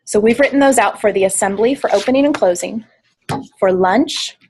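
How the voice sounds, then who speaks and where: A woman's voice: mid-range voice, normal speed, darkish tone, husky, poor audio. A woman coordinating volunteers, giving a practical training talk with frequent fillers, speaking to a room and an online meeting. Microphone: online meeting mic, at varying distance.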